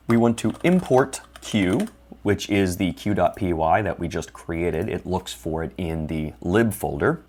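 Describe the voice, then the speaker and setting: A man giving a calm, step-by-step coding tutorial over his screen recording. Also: deep voice. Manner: plain, methodical, step-by-step explaining. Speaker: instructor.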